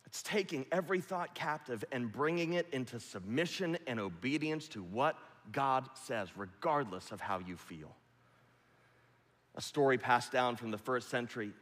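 A man pastor delivering a sermon, emphatic and repetitive, swinging from loud to hushed. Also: mid-range voice, expressive, normal speed. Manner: emphatic, repetitive preaching with big swings in loudness. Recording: long hall reverb.

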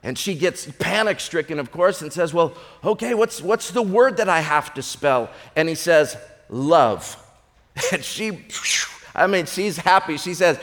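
A man preaching a sermon as pastor, telling a joke with lively voices for the characters. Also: fairly high pitch, unhurried, big-room sound.

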